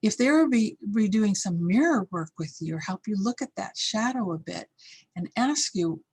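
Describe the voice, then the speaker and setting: A woman's voice: mid-range voice, animated, moderate pace, slightly rough. A middle-aged woman teaching a course, telling a candid, reflective personal story and acting out the voices in it. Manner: candid, reflective, acts out yelled lines.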